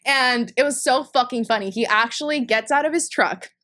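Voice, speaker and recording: A young woman from Peru, a podcast guest, telling a story in casual chat, animated and swearing freely as she acts out what she said back then. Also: fairly high pitch, normal speed. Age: young adult. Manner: animated, swears freely, acts out her own past lines.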